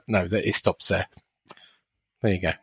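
A man's voice: sits low, slow pace, a bit bright, breathy edge, dry recording. A man co-hosting a casual football podcast, talking in a dry, wry, teasing way. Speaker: podcast co-host.

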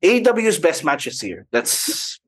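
A man's voice: a little high, huge pitch swings, slow pace, slightly rough, dry recording. Filipino man, rambling podcast chat. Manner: rambling, many fillers, mixes Tagalog into English. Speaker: podcast co-host.

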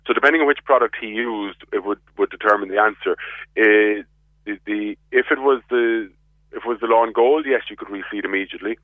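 A man's voice: low-pitched, dry recording. Irish man on a tinny phone line. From Ireland. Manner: stammers and repeats words before getting going. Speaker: gardening expert guest. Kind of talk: casual radio phone-in chat.

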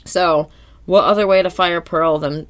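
A woman co-hosting a podcast, recapping an episode in casual chat, animated and slipping into quoted voices, swearing casually. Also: on the low side, measured pace. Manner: animated, slips into character quotes. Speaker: podcast co-host.

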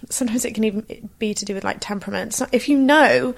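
Woman, conversational, animated, a touch of vocal fry. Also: fairly high pitch, quick pace. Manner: animated, acts out quoted lines. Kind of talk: casual conversation.

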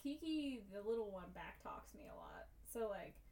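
A young woman co-hosting a podcast, telling stories in a casual, animated way and often laughing. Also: medium pitch, moderate pace, distant mic. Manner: animated storytelling with frequent laughter. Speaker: podcast co-host. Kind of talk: casual chat.

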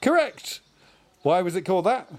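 A man hosting a relaxed remote chat from home, his voice in a middle range. He asks questions drily and slips in teasing jabs at his guest. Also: mid-range voice, quick pace. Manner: dry, teasing interviewer. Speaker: host. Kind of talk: casual chat.

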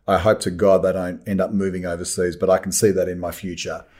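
A man in his fifties from Australia with an Australian accent, a guest in a casual interview who makes his points with emphatic swings in pitch. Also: level tone, fast talker, a little mellow. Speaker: guest actor.

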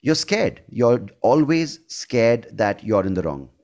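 A man's voice: medium pitch, sing-song, takes it slowly, a little mellow. A man, hosting an interview and earnestly reflecting on his own experience. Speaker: host. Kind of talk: conversational interview.

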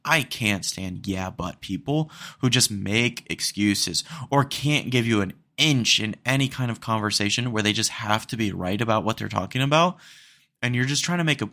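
A man's voice: mid-range voice, bright, forceful tone. A man hosting a solo podcast, ranting in an exasperated, rambling way with frequent fillers. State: hiccups. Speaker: podcast host.

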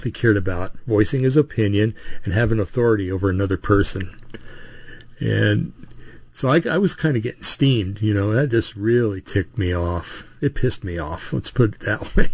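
Man, low voice, rambling opinionated host monologue, dry dull lo-fi sound. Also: a little mellow, dry recording. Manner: rambling, full of restarts and asides. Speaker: podcast host.

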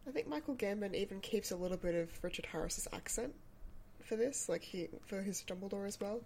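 A woman's voice: mid-range voice, a little fast, darkish tone, slight background noise. A woman chatting casually and laughing often, with lots of "like". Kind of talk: casual chat.

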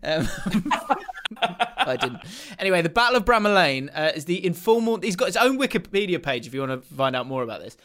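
A man's voice: high-pitched, sing-song, brisk, fairly bright tone. A young man co-hosting a casual football podcast, laughing often and rambling as he reads out the fixtures. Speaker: podcast co-host.

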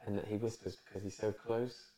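A man co-hosting a podcast, chatting casually and warmly affirming his guest. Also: on the low side, little pitch movement, brisk. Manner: warm affirming listener, lots of "yeah". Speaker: podcast co-host. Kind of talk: casual chat. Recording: echoey room.

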